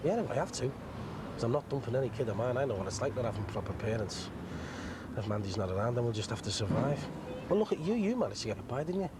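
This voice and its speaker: A man's voice: medium pitch, expressive, quick pace, lightly acted. An actor playing an earnest, chatty young man. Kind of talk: soap opera acting. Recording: outdoor street with loud traffic noise.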